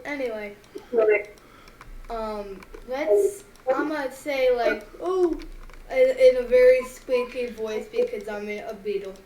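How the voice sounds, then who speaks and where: A woman's voice: on the high side, a little slow, warm tone, reverberant, far from the mic, a little hiss or hum. A woman playing a tabletop game, playful and giggly. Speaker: player.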